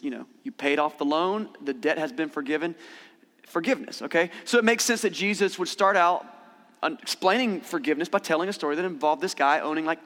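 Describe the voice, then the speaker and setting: Man preaching in an echoing hall. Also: fairly high pitch. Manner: conversational preaching with animated quoted voices. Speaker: pastor. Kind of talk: sermon. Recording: long hall reverb.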